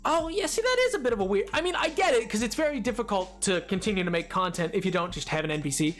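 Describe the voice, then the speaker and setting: A man's voice: sits high, animated, quick pace, fairly bright tone. A man streaming a game, chatting casually in a rambling, stammering, self-deprecating way into a desk microphone, with faint music behind. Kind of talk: casual gameplay commentary.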